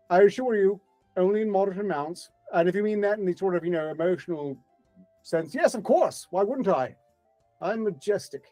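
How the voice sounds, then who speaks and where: A man's voice: sits high, normal speed, mellow, soft background music. A man co-hosting a comedy livestream, rambling in a dry, mock-grand manner. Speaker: co-host. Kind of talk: live comedy stream.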